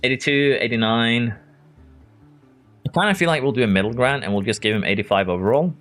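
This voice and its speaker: A man's voice: medium pitch, fairly quick, fairly bright tone, soft background music. A man from Norway casually commenting on a racing management game while chatting with viewers. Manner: chatty, answers viewers by name, chuckles often. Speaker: game streamer. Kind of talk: casual gameplay commentary reading chat.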